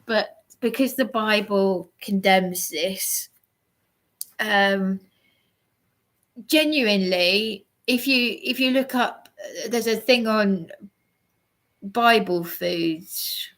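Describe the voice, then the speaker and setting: A woman's voice: mid-range voice, drawn-out words, long pauses, a bit bright. A tired woman chatting casually on a livestream, rambling and hesitant with many restarts as she answers her chat.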